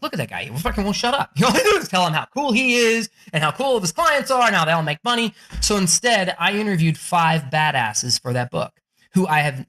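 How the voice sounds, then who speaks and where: Excitable, swearing man telling stories. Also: on the high side. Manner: profane, excitable, acts out quotes in raised voice. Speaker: podcast guest, author. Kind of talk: animated storytelling in an interview.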